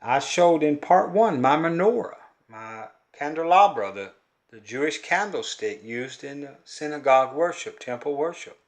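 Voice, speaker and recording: A man's voice: a little high, lively intonation, normal speed. An older man with a Southern drawl from Kentucky and Louisiana talks straight to camera. His storytelling is homespun and earnest, and he rambles from one thought to the next. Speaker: folk-art vlogger and collector. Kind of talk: rambling folksy monologue to camera.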